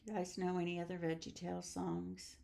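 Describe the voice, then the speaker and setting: An older woman, about sixty, hosting an online card-making class at a relaxed, chatty pace. She talks the viewer through each stamping and coloring step in a homey way, slipping in snippets of song and easy laughs. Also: fairly low pitch, fairly quick, gravelly. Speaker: crafting class host. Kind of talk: casual craft demonstration.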